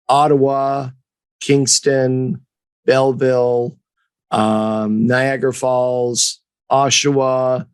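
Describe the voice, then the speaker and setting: A man in his fifties from Montreal, co-hosting a podcast and telling a casual story in an animated way, acting out the people in it. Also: medium pitch, clear, resonant tone, no room sound. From Montreal, Canada. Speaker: podcast co-host and hockey agent.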